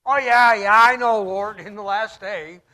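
A man's voice: sits high, animated, measured pace, bright, forceful tone, full character voice. A man voicing Martha, a grieving woman who brushes things off as if she already knows her theology. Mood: dismissive.

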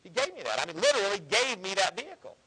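A man's voice: sits high, wildly swooping pitch, very fast, creaky, sharp tone, breathy edge, poor audio. A man preaching a sermon in an earnest, conversational way with folksy asides. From Ohio.

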